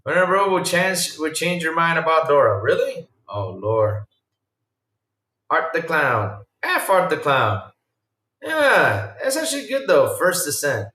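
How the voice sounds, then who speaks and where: A male podcast host chatting casually on a livestream and reacting to viewer comments, excitable and rambling, swinging between low mumbles and loud outbursts. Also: measured pace. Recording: roomy sound from a distant mic.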